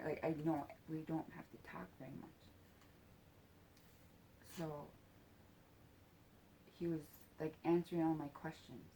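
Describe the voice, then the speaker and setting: A woman telling a personal story in a halting, soft-spoken way, with casual swearing. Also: low-pitched, steady tone, slight background noise.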